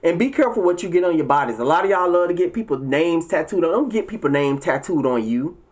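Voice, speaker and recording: Male vlogger, profane and preachy rant, emphatic, with shrill high-pitched outbursts. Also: lively intonation, fast, darkish tone. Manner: leaps into high, shrill exclamations. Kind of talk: casual ranting monologue to viewers.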